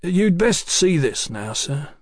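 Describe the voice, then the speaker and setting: A man voicing a dry, measured Victorian detective. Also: on the high side, very animated, no echo, voice pushed up, exaggerated voice. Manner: dry, measured, politely probing. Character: dry, deliberate Victorian police detective, male.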